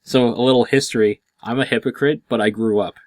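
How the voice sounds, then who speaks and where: A man in his thirties hosting a podcast in casual chat, blunt and quick to swear. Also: medium pitch, fairly even intonation, a little mellow, no room sound, clean studio sound. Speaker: podcast host.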